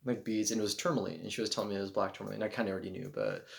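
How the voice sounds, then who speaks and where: A man films himself on a handheld camera, using its built-in mic, sharing spiritual thoughts in an earnest, rambling monologue packed with "you know." His voice is on the low side, fairly even, very fast, with vocal fry.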